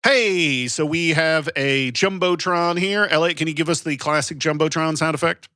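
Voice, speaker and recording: A man's voice: on the high side, normal speed, pushed and bright, clean tone, no echo, studio quality. A man hosting a comedic movie-quiz game on a podcast, playful and self-deprecating, often tripping over his words. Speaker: game show host on a podcast. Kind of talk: casual comedic chat.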